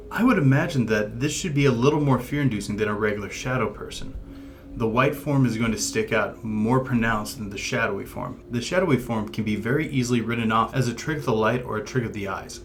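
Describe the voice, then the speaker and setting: A man co-hosting a paranormal discussion show, explaining things in a measured, thoughtful way. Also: mid-range voice, slight background noise. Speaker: paranormal podcast co-host. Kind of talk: casual discussion.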